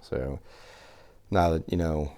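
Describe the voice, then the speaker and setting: A man, a survival instructor guesting on a podcast, telling casual stories from his youth in an animated way, swearing freely and acting out the people he quotes. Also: very deep voice, takes it slowly. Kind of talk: casual storytelling chat.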